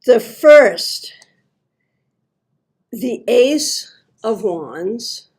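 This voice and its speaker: Unhurried, chatty middle-aged woman tarot host. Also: fairly high pitch, expressive. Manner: warm, chatty and enthusiastic. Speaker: tarot reader, show host. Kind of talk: friendly livestream tarot reading.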